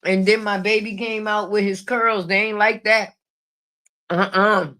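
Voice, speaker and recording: A woman's voice: medium pitch, steady tone, unhurried, sharp tone. A middle-aged woman giving casual live-stream commentary, brash and profane, laughing often at her own jokes.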